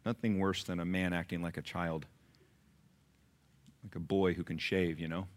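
Brief: male pastor, punchy sermon delivery, loud peaks and hushed asides, church congregation. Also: level tone, moderate pace. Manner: emphatic preaching, swings from loud peaks to low asides; repeats phrases for emphasis.

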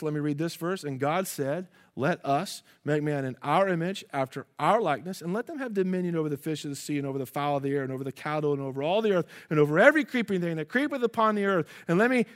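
A male pastor giving a sermon, moving between quiet low asides and loud emphatic preaching, and calling out questions to the congregation. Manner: calls out rhetorical questions to the congregation.

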